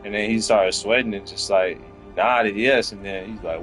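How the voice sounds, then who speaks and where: A man's voice: fairly low pitch, fairly even intonation, moderate pace, soft background music, low-quality recording. Young man ranting on a podcast. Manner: heated, profane storytelling that climbs into loud outbursts. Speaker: podcast host. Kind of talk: casual chat.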